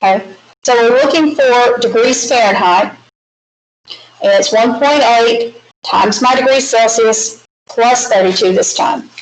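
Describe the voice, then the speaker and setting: A woman's voice: fairly high pitch, a little slow. Woman, Southern US accent, math instructor, recorded lecture, chatty folksy asides, echoey classroom, faint hiss. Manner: chatty, folksy asides while working problems.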